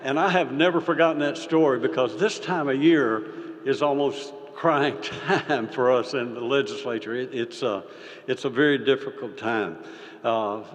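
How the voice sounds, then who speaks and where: An older man giving a folksy, halting speech as a state senator, with many fillers and restarts. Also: mid-range voice, lo-fi sound. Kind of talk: folksy speech with a told story. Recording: reverberant hall.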